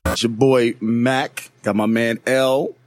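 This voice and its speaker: A man's voice: medium pitch, fairly even intonation, slow, slight background noise. A man hosting a podcast in casual chat, easygoing and leading the talk. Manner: easygoing, leads the show. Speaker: podcast host.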